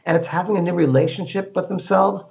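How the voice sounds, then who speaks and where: A man's voice: high-pitched, fairly even intonation, fast talker, gravelly. A man hosting a spiritual call-in radio show, giving meditation advice in a rambling way, repeating words and acting out little inner voices. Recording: dull lo-fi radio sound.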